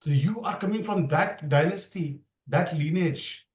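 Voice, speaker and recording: Guy explaining scripture in a casual class, voice a bit high, rambling with restarts, sounds roomy. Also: a little slow, a little mellow. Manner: rambling, restarts, mixes English with Hindi. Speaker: Bhagavad Gita class teacher. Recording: roomy sound, far from the mic.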